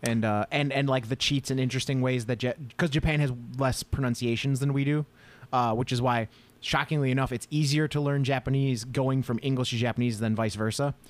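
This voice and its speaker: A man's voice: mid-range voice, steady tone, fairly quick. A man co-hosting a podcast in casual chat, rambling with many fillers and blunt profanity. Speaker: podcast co-host.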